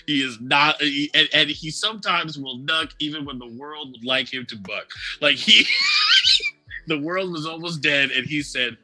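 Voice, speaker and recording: A man co-hosting a casual chat show, animated and laughing often, acting out quoted lines as he talks. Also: a little high, moderate pace, hardly any pauses. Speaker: co-host. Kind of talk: casual chat about tabletop games and anime.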